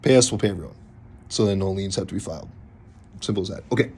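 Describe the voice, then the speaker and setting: A man's voice: low voice, fast talker, a little mellow, breathy edge. A man from a contracting company casually walking clients through a contract, joking and mildly stern. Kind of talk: casual explanatory walkthrough.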